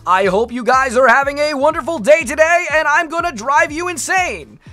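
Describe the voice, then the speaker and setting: A woman putting on the voice of a loud, showy male video host in an over-the-top impression. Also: sits high, expressive, moderate pace, dry recording, faint music behind, pitched above the performer's own voice. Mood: hyped.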